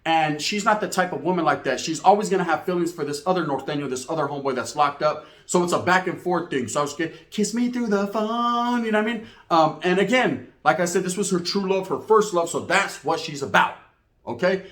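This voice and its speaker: A man telling street stories in a slang-heavy, profane, animated monologue. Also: on the high side, a little fast. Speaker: storyteller host. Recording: echoey room.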